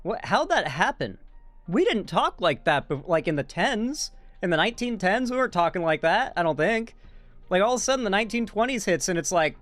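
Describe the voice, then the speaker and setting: A man's voice: high voice, big pitch swings, brisk, a bit bright, no echo. Rambling, blunt young man reacting. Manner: blunt and rambling, swearing, self-correcting. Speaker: commentary streamer. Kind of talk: reacting to a video with casual commentary. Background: faint background music.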